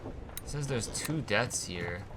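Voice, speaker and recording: Chill dude slowly talking through a puzzle game, kinda low voice, slangy. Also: male voice, lively intonation, noisy background. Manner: thinking aloud, puzzling things out; laid-back slangy talk. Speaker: gaming channel host. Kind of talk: casual gameplay commentary. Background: game music.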